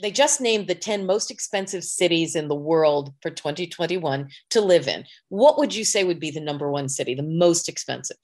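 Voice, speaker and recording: A woman's voice: deep voice, animated, normal speed, few pauses, darkish tone. A woman co-hosting a casual chat podcast, chatty and laughing often. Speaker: podcast co-host.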